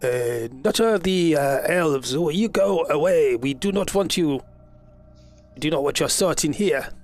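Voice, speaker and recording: A man's voice: on the high side, lively intonation, unhurried. A haughty, scornful male elf guard, played by a man, with a raised, clipped voice. He waves outsiders off in a tabletop fantasy game. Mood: dismissive. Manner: dismissive, scornful.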